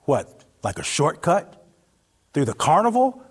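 A man's voice: a little high, wildly swooping pitch, measured pace, breathy edge, exaggerated voice. A man voicing a weary, wary drifter of the road who speaks in a terse, sardonic way. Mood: impatient.

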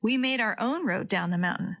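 Storybook grandpa, patient and steady, unhurried; a woman reads him. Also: medium pitch. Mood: calm. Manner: slow, steady, reassuring. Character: patient, calm old grandfather, injured.

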